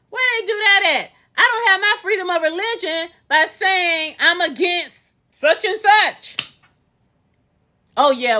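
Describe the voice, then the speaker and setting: A woman rants casually to her live viewers through a phone. Her voice sits high and sounds bright and forceful. She leans on emphatic, sing-song repetitions to drive each point home. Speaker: livestreamer and real estate instructor. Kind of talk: casual livestream rant.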